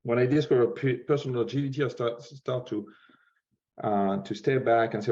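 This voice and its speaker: A man from France with a French accent, speaking English as a second language, halting and searching for words as a guest speaker. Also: mid-range voice, darkish tone. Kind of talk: conference talk. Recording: dull lo-fi sound.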